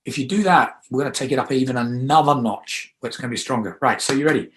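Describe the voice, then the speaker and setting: Energetic male coach. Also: medium pitch, fast, slight background noise. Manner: energetic, emphatic, coaxing. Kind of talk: guided affirmation exercise.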